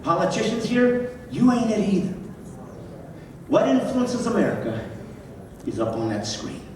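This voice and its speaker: High-voiced man doing stand-up in an echoing hall. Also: sing-song. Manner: fast, punchy delivery with sarcastic asides. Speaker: comedian. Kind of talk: stand-up speech at a banquet. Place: large banquet hall. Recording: distant, echoey hall with crowd. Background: audience laughter and room noise.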